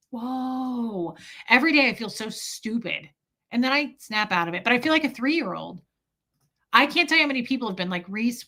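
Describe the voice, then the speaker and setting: A woman's voice: a little high, bright, forceful tone. A woman hosting a casual livestream, chatting candidly and reacting to viewer comments and super chats.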